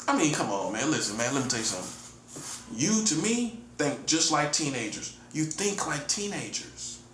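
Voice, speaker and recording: A man in his forties, a self-styled prophet streamer, talks alone in a taunting, repetitive way, calling his listener "buddy" again and again with "listen, buddy" and chuckling defiantly between points. His voice is a little high, a bit bright, very animated, and at normal speed. The room echoes, with faint background noise.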